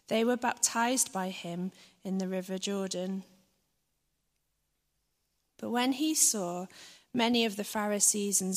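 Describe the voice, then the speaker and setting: A woman with a Manchester accent reading scripture aloud in a measured, deliberate way. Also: medium pitch. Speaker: scripture reader. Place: church. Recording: long church reverb.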